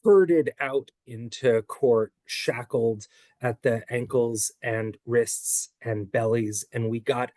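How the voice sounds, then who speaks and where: A man in his forties, an author and former public defender, giving earnest, measured interview answers. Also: mid-range voice, fairly even intonation, darkish tone, no echo.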